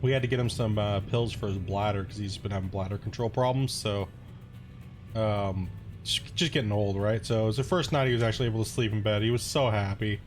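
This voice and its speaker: A man's voice: on the low side, steady tone, brisk, faint music behind. A man hosting a gaming channel, chatting casually and rambling, swearing and laughing often while he plays. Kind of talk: casual gameplay commentary.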